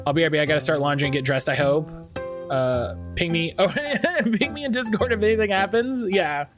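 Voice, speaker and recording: Man streamer, rambling live game commentary, lively pitch, faint background music. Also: normal speed. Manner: rambling, self-repeating, joking.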